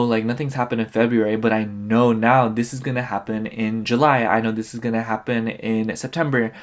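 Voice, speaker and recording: A man gives a relaxed pick-a-card tarot reading, his voice sitting in an ordinary middle range. He sounds a little tired and keeps circling back with loose, rambling asides. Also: medium pitch. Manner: rambling, full of "like" and "you know". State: tired, yawning. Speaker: tarot reader.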